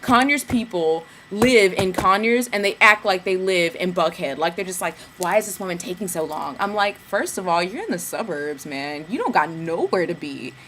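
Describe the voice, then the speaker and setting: A young woman vlogging about her day, her voice bright and forward. She talks in an animated, sassy way, full of slang, and slips into little mimicked asides. A faint hum of room noise sits behind her. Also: on the low side, normal speed, hardly any pauses. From Georgia, US. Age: young adult. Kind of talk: casual storytelling rant.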